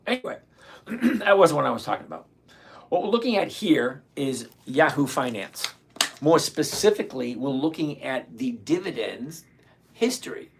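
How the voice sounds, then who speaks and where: Gravelly blunt man in his sixties. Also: on the high side, very animated, normal speed. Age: 60s. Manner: blunt, ranting, self-mocking; chats to viewers by name. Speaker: live-stream host. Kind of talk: casual live-stream talk.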